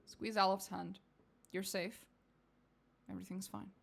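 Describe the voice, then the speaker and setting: A woman's voice: mid-range voice, little pitch movement, unhurried, creaky. Blunt, candid woman streamer. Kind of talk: casual game commentary and reading aloud.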